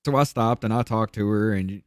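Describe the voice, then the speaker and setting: A man guest on a podcast candidly telling a hard personal story, blunt and profane, his voice dropping low and quiet on the painful parts. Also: fairly quick, clean tone, dry recording, studio quality.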